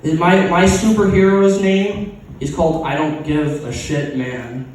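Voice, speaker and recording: Man doing open mic stand-up, crude and sarcastic, slightly high voice, very echoey room heard from afar. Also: fairly even intonation, measured pace, darkish tone, slight background noise. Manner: crude, sarcastic, rambling with fillers and restarts. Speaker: stand-up comic. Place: open mic comedy venue. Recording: echoey room miked from a distance.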